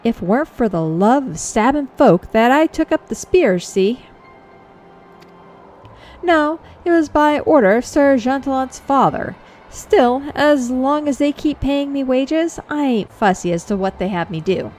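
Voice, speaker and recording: A woman voicing a lowborn male soldier in a fantasy game who talks in rough, folksy common speech. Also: animated, unhurried, darkish tone, faint music behind. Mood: frank.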